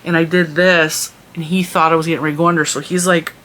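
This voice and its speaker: A woman's voice: low voice, little pitch movement, fast, a bit bright, a little hiss or hum. A woman telling a long story in a casual vlog, chatty and rambling with lots of restarts. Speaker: vlogger and mother.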